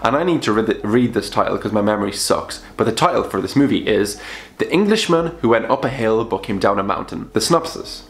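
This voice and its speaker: A young man chatting casually about films he watched, bluntly and with sudden jumps up in pitch for emphasis. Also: lively intonation, a little fast, gravelly. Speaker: film vlogger. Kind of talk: casual film review vlog. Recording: roomy echo.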